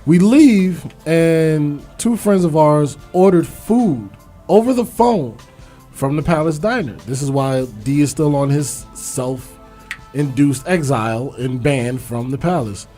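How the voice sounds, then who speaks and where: A man's voice: fairly high pitch, animated, warm tone, faint music behind. A man co-hosting a radio talk show who teases the host and jumps in with remarks, then tells his own story, on a studio microphone. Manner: teasing, quick to interject.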